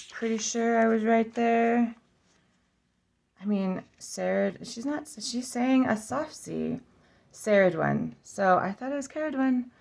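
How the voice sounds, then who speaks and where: A woman hosting a casual flip-through vlog, slowly sounding out names aloud, correcting herself and musing with giggly asides. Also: on the high side, vocal fry, a little mellow. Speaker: oracle deck reviewer.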